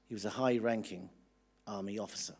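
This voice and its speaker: A man reading a statement on behalf of a widow at a public inquiry, measured and trailing off at the ends of phrases. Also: on the low side, steady tone, darkish tone. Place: public inquiry hearing room.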